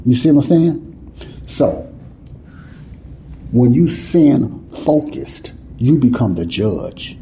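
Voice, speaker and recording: A man's voice: medium pitch, sing-song, slow pace, long pauses, warm tone, slight background noise, low-quality recording. A man teaching the Bible in an emphatic, conversational preaching style, often checking that listeners follow. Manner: repeats "you see what I'm saying?" to listeners.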